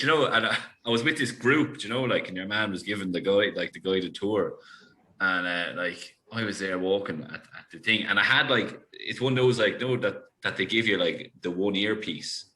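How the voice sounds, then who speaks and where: An Irish man, a podcast guest, telling a story in casual chat with animated, laughing delivery. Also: lowish voice, moderate pace. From Ireland.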